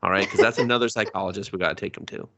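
A man's voice: low voice, steady tone, very fast, background noise. A man hosting a podcast, recapping an anime in sarcastic, profane casual chat. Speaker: podcast host.

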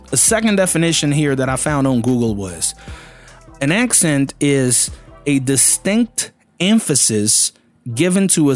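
Man teaching, slightly high voice. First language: Portuguese. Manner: conversational and emphatic, many "you know"s. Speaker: language teacher. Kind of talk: casual video lesson.

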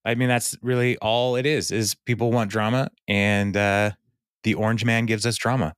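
A man with a lowish voice chats casually on a podcast, walking through a sitcom episode scene by scene and quoting the characters as he goes. The sound is dry and close, with no room in it. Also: level tone, moderate pace, clean tone, no room sound. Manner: retells scenes by quoting the characters, with laughs and fillers. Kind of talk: casual chat.

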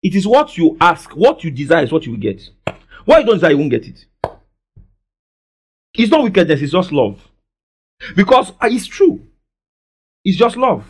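A man delivers a sermon in a high, lively voice. He leans on call-and-response and swings from soft to loud. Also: moderate pace, pauses often, breathy edge. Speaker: pastor. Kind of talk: preaching a sermon.

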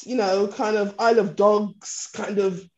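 A woman's voice: mid-range voice, a little slow. A woman from East London hosting a casual podcast, telling stories with frequent laughs. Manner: animated storyteller, laughs often. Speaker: podcast host. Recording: dull lo-fi sound.

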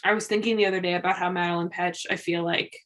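A woman's voice: on the low side, quick pace. Young female co-host, casual rambling podcast chat, laughs easily. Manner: animated, musing, laughs often.

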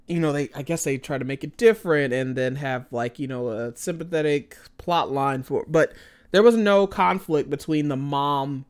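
A man co-hosting a casual movie review chat, rambling and animated, slipping into voices when he quotes characters. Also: a little high, normal speed, clean tone. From American Midwest. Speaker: podcast co-host.

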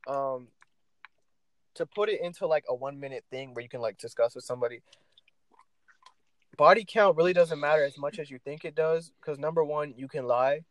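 A young man co-hosting a casual podcast, ranting with loud and soft swings. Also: a little high, moderate pace, long pauses, low-quality recording. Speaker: podcast co-host.

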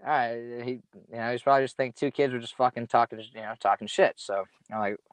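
A man's voice: mid-range voice, fairly even intonation, fast, no echo. A young man telling a casual story in a rambling way, full of slang and swearing. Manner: profane, rambling, laid-back slang. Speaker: podcast guest storyteller.

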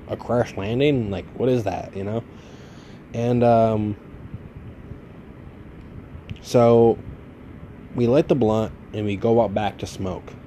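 Male podcast host, late 20s, low mellow voice, loose profane storyteller. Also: slight background noise. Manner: rambling, profane, laid-back. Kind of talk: casual storytelling monologue.

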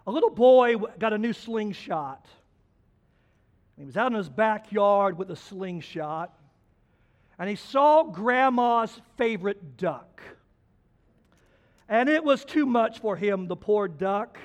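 A male preacher with a strikingly high voice delivers his sermon in an animated, folksy manner. He swings from loud, emphatic lines to quiet, hushed ones as he tells homespun stories. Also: slow pace, pauses often. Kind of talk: sermon with storytelling.

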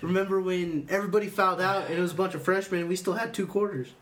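A young man in casual chat, telling stories with animated energy and quoting people as he goes. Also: sits high, quick pace, over a noisy crowd. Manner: animated storytelling, slips into quoted voices.

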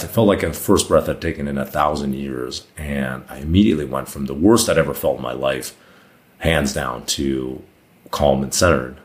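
A man as a podcast guest, telling a long personal story in a casual, rambling way with lots of "like" fillers. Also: extremely low pitch.

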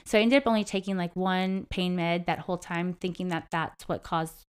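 A woman's voice: on the low side, normal speed, clear, resonant tone. A young adult woman telling a personal story in a casual talk with a host, chatty and full of "like". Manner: chatty, heavy use of "like". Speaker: interview guest.

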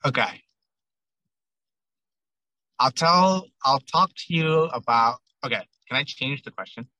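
Chatty man with a bright voice. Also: medium pitch, takes it slowly, dry recording, rough recording. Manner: chatty, animated retelling with many "I'm like" quotes. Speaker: ramen shop owner, guest. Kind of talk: casual interview storytelling.

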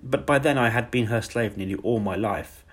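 A man voicing a timid, kind young woman teacher in a soft, modest, earnest manner. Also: mid-range voice, normal speed, breathy edge, lightly acted. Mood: gentle.

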